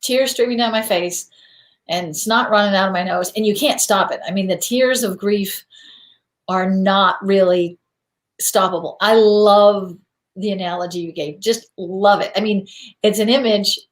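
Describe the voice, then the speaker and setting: A woman's voice: medium pitch, a little slow. Woman host, casual interview, candid and reflective, echoey room sound. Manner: reflective, candid, self-deprecating. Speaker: podcast host.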